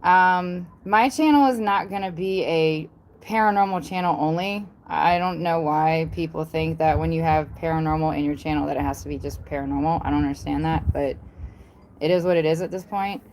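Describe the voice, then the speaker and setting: A woman's voice: low-pitched, moderate pace, a little mellow, slight background noise. A woman from the American South with a Southern accent, chatting casually on a livestream, rambling and repeating herself with lots of ums and blunt asides. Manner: rambling, repetitive, blunt with frequent ums and mild swearing. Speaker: YouTuber on a livestream.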